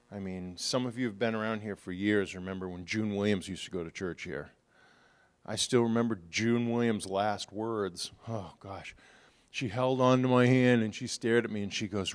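A man who is a pastor, preaching a sermon and moving from quiet, hushed stories to loud, emphatic passages. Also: mid-range voice, long reverb tail.

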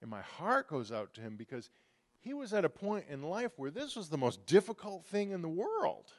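A middle-aged pastor preaching a sermon, moving from storytelling into forceful preaching. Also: male voice, sits high, sing-song, moderate pace. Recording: long reverb of a large hall.

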